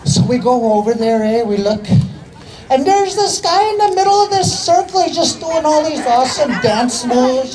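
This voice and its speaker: A man's voice: very high voice, darkish tone, rough recording. A man doing stand-up comedy, telling a story and ending lines with a tag question. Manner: ends lines with a tag question, loose joking delivery.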